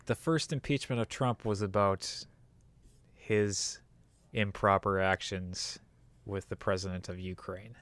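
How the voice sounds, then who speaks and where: A young man in casual podcast chat, talking in a thoughtful, measured way and pausing to search for words. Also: lowish voice, steady tone, fairly bright tone, no room sound.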